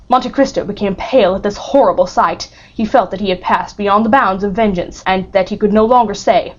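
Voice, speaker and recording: A woman narrates a classic novel audiobook in a steady, dramatic reading. Her voice sits in a mid range. The recording is a little dull and lo-fi. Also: mid-range voice, a little fast, hardly any pauses, husky. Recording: muffled lo-fi recording.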